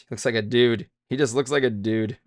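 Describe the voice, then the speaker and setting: A man's voice: mid-range voice, steady tone, unhurried, dry recording, clean studio sound. A man streaming himself drawing, thinking aloud in a rambling, self-deprecating way with many fillers. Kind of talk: casual streaming chat while drawing.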